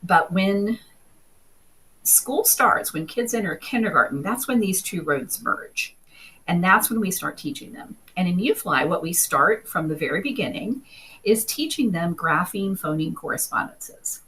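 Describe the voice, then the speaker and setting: A woman presenting a webinar as a literacy researcher, explaining ideas in a clear, steady teaching manner. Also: fairly low pitch, unhurried, low-quality recording.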